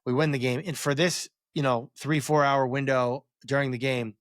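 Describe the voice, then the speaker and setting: A man's voice: mid-range voice, steady tone, moderate pace, dry recording. Dry, rambling man telling a story. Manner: rambling, many fillers and restarts. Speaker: guest, former quarterback. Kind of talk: reflective storytelling interview.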